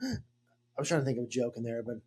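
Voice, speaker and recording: A man's voice: mid-range voice, fast, darkish tone, a little hiss or hum. A young man hosting a podcast in casual chat, rambling and joking with lots of fillers. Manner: rambling, jokey, filler-heavy. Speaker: podcast host.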